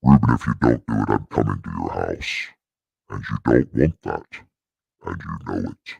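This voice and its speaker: A man putting on a demonic deep voice through a voice changer, growling crude threats and jokes as a channel host. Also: normal speed, creaky, darkish tone, husky, no room sound, dull audio, heavily acted. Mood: menacing.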